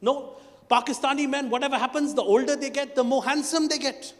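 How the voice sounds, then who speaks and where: A man in his forties with an Indian English accent, performing a stand-up comedy set and teasing the crowd in an animated way. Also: extremely high pitch, a little fast. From Kolkata, India. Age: 40s. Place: stage in a large hall. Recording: stage mic in a reverberant hall.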